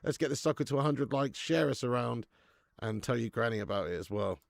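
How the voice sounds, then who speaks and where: Male streamer, gravelly and dry-sounding; laddish live chat host who reads out viewers' names. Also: mid-range voice, lively intonation, brisk, dry recording. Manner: chatty and laddish, reading out viewer names, laughs often. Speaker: watch-along host.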